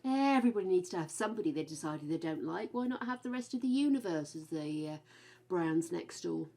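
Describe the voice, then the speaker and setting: A woman's voice: on the low side, animated, a little fast, warm tone, faint music behind. A woman chatting casually with her stream viewers, frank and chatty, swearing now and then. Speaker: game streamer.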